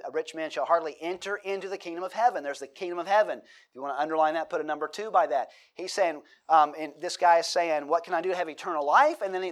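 A middle-aged man, a pastor, preaching a sermon, reading scripture aloud and putting questions to his congregation. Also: fairly high pitch.

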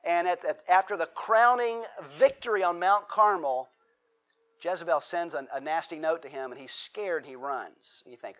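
Animated conversational male preacher. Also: a little high, normal speed. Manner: conversational, animated storytelling with rising emphasis; frequent restarts and repeated words. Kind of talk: sermon.

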